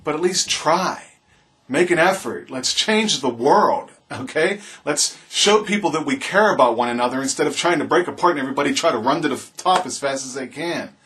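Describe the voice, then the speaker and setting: A man's voice: fairly high pitch, lively intonation, a little fast, fairly bright tone. A man vlogging his opinion in an impassioned, preachy monologue, repeating his appeals to the viewer. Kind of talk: earnest opinion monologue to camera.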